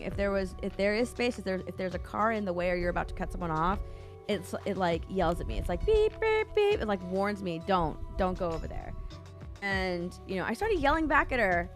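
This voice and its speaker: Woman, casual chat, animated storyteller, faint music behind. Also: mid-range voice. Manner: animated storytelling, quotes herself. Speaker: guest painter.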